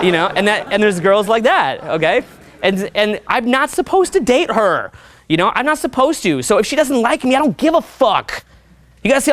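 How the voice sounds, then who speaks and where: A man giving a live seminar talk as a dating coach. He talks in a profane, energetic, chatty way and keeps checking in with the crowd. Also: high voice, normal speed.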